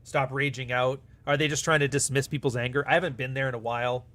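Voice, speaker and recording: A livestream host replies to super chats at a very fast clip, his medium-pitched voice steady in tone and fairly bright. His talk is blunt and casual, full of swearing, with back-and-forth dialogue acted out.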